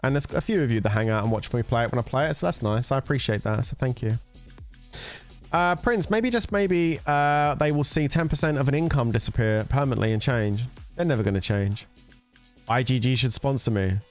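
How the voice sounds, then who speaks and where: A man's voice: medium pitch, fairly quick, soft background music. A man chatting casually with viewers on a gaming livestream, teasing and bantering with some swearing. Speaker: gaming streamer.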